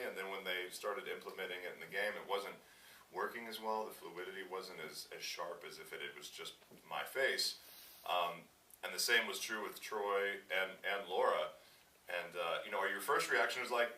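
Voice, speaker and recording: A man's voice: deep voice, normal speed. A man in his thirties, a voice actor, answering interview questions at a convention and acting out the people in his stories. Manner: animated storyteller acting out quotes. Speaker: voice actor guest. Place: convention event. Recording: echoey hall, slightly distant mic.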